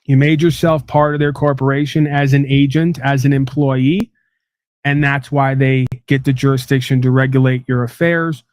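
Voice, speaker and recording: A man's voice: mid-range voice, darkish tone, no echo. Rambling male livestream host, dry sound. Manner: rambling, lecturing, many fillers. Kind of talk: livestream lecture and call-in.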